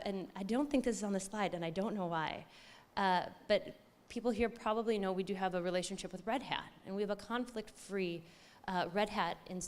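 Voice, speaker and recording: A woman giving an excited, chatty conference talk, often correcting herself as she goes. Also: medium pitch. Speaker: conference speaker.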